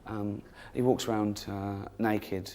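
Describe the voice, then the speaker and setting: A weary middle-aged woman explains a family problem in a flat, matter-of-fact way, as a male comedian voices her. Her voice sits low and plain, with halting pauses. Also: slight background noise.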